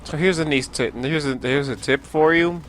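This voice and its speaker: A man's voice: fairly high pitch, normal speed, a bit bright, a little hiss or hum. A young man casually commenting over his own gameplay, rambling and joking at himself with frequent laughs. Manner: rambling, self-mocking, laughs often. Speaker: Let's Play host.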